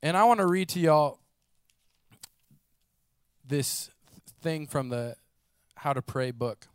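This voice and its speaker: A man preaching a sermon, telling stories in a lively way and acting out the people in them. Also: on the high side, slow pace, clean tone, no echo. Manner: animated storytelling, acts out voices, casual fillers.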